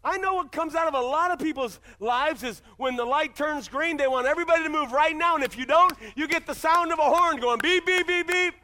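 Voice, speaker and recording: A man's voice: extremely high pitch, a little fast, hardly any pauses, pushed and bright. A man pastor preaching a sermon in a church, emphatic and full of repeated rhetorical questions.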